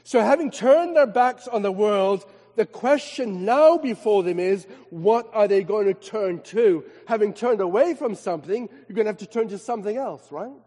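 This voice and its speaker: A man, a vicar preaching a sermon with emphatic rhetorical questions and slowed words for stress. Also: high-pitched, lively intonation, mellow. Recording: long hall reverb.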